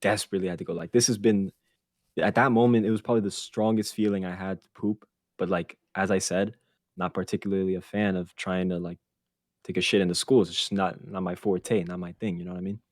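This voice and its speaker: A man with a somewhat low voice tells a story on a podcast, loose, animated and full of swearing. He breaks into laughter now and then. The sound is close and dry, with no room around it. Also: fast, no room sound. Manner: animated, profane, laughs through his story. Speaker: podcast host. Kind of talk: casual storytelling chat.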